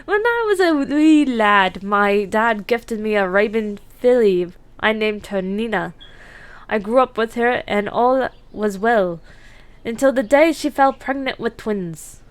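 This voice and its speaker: A woman voicing a gentle young male horse farmer in a put-on Irish accent, reading game dialogue aloud as a storyteller. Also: on the high side, lively intonation, unhurried, clear, resonant tone. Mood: storytelling. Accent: attempted Irish.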